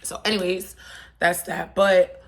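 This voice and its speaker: This Pennsylvania vlogger, a young woman, rambles along casually with plenty of slang before growing emotional. She speaks a little slowly, her fairly low, gravelly voice showing little pitch movement. There's faint noise in the background.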